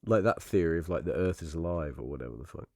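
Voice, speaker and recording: A man's voice: sits low, animated, fast, darkish tone, no echo. A male podcast co-host in loose comedy banter, his voice climbing and dropping constantly. He laughs a lot and swears freely. The sound is dry and close, with no room around it. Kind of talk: casual comedy chat.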